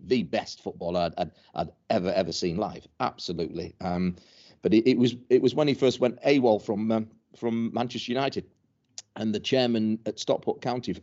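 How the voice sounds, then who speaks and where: A former professional footballer, now older, chuckles his way through casual interview stories, stumbling over and repeating words with many restarts. His voice is darkish and sits on the low side, recorded in dull lo-fi.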